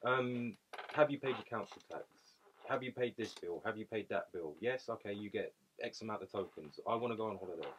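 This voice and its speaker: A man co-hosting a casual podcast, joking and chipping in with quick remarks. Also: on the low side, fairly bright tone, lo-fi sound, slight background noise. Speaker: podcast co-host. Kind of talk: casual banter.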